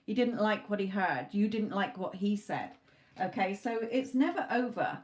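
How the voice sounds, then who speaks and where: A woman's voice: mid-range voice, lively intonation, normal speed, darkish tone. A woman doing a live tarot reading, talking in a loose, conversational way with frequent restarts. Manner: talks in loose spoken chunks, restarts often. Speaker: tarot reader.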